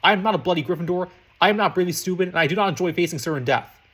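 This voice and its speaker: A proud, haughty schoolboy wizard from a storybook, read by a man who drawls his words and bristles with indignation. The voice is fairly high and quick. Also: slightly rough. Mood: indignant.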